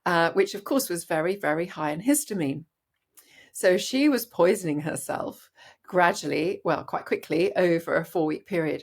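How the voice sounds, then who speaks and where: Brief: woman, middle-aged, low-pitched, earnest storyteller, interview guest. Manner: animated, earnest, frequent restarts. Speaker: doctor guest.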